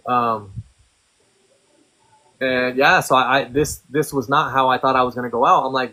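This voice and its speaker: Bright, candid man telling his story. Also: mid-range voice, steady tone, moderate pace, pauses often, low-quality recording. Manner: profane, blunt, conversational. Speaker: podcast guest.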